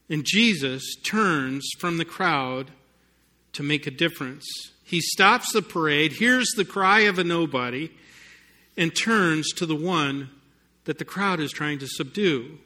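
Male preacher, slow and deliberate, slightly high and bright voice, storytelling sermon with emphatic peaks. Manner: storytelling, rising to emphatic peaks, some sarcasm. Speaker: pastor.

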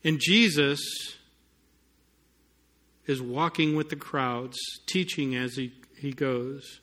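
A man's voice: medium pitch, steady tone, takes it slowly, sharp tone. A man preaching a sermon to a congregation, telling a story and building to emphatic points, with touches of sarcasm. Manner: storytelling, rising to emphatic peaks, some sarcasm. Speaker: pastor.

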